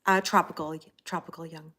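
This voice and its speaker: A woman's voice: low voice, fairly even intonation, brisk, sharp tone. A woman in her forties, a tarot reader hosting a livestream, chatting casually with viewers and telling rambling stories full of fillers. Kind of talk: casual chat greeting live viewers.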